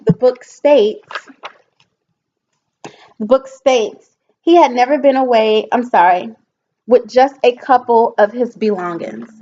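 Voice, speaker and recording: A young woman, an education student, giving an earnest, halting book report presentation and mixing reading with comments. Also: fairly high pitch, darkish tone. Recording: dull lo-fi home recording with faint noise.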